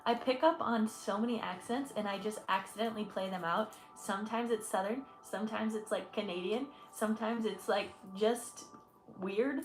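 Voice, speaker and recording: A woman's voice: mid-range voice, moderate pace, reverberant, faint music behind. A woman in her twenties from Michigan hosting a casual livestream chat as an energy healer. She talks chattily and effusively, laughing often and thanking viewers. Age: 20s.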